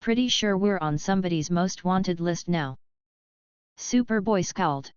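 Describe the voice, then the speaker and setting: A woman narrating an audiobook in a steady, even way. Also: fairly low pitch, unhurried, smooth, no echo, lo-fi sound.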